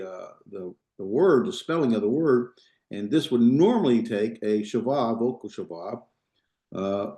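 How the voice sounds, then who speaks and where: A man who teaches Biblical Hebrew lectures in a warm, medium-pitched voice with a roomy sound. He talks casually, restarting often and checking in with the class.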